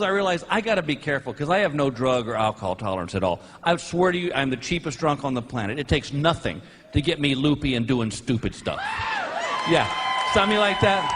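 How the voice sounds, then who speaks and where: Male stand-up comic onstage, high, swooping delivery, noisy live recording. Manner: animated storytelling, bursts into shouted punchlines. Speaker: stand-up comedian. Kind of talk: stand-up comedy routine. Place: comedy stage before a live audience. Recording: live stage audio with crowd noise.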